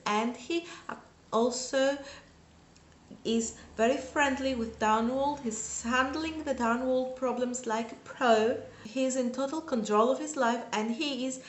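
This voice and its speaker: A woman reviewing books in a casual video, gushing with enthusiastic fan excitement. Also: on the high side. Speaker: book reviewer. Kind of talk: casual book review vlog. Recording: roomy echo.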